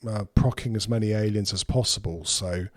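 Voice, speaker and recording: A man's voice: fairly low pitch, a little fast, dry recording, studio quality. A man streaming a strategy game who talks through his moves in rambling, casual commentary and swears freely.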